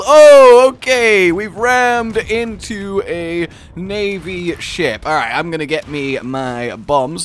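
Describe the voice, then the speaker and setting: A young man hosting a gaming video, giving excitable, jokey let's-play commentary and shouting during the action. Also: on the high side.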